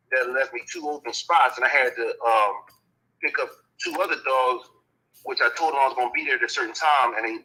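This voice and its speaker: A man casually telling a long story about transporting a dog, animated, often adding "you know what I'm saying" and acting out what others said. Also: mid-range voice, rough recording.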